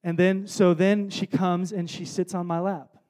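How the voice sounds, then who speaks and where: A man with a high, light voice preaches a sermon from the stage. He tells a story in a relaxed way, drops to quiet asides, then builds to loud emphatic points. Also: unhurried. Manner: storytelling, shifts between soft asides and loud emphatic bursts. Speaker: pastor. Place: stage before a congregation.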